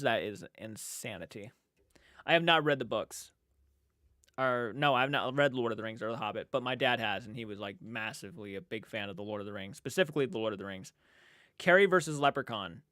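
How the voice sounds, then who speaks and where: A man's voice: medium pitch, a bit bright, dry recording, clean studio sound. A young man hosting a casual late-night livestream, reading chat aloud in a sleepy, yawning, rambling way with restarts. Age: young adult.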